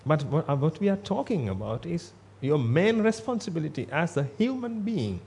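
A man's voice: on the high side, sing-song, moderate pace, gravelly, a little mellow, breathy edge. A man giving a Buddhist sermon in a blunt, emphatic way, repeating himself for stress. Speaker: Buddhist monk.

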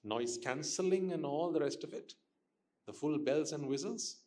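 A man's voice: a little high, moderate pace, mellow. A man giving a Buddhist dharma talk to listeners, questioning them and repeating his points for emphasis. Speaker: Buddhist teacher.

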